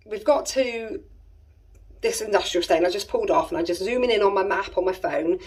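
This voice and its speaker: A woman's voice: mid-range voice, fairly quick, breathy edge. A woman in her thirties with an English accent, rambling through a family story in casual chat, with exasperated asides. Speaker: family vlogger. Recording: voice a little distant from the mic.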